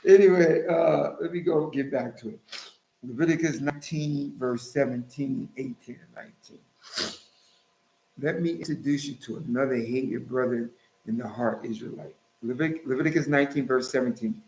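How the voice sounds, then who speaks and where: A man's voice: a little high, moderate pace, vocal fry, a little mellow. A man hosting his own channel, preaching emphatically and scolding his listeners as he cites scripture. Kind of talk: preaching commentary. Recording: roomy echo.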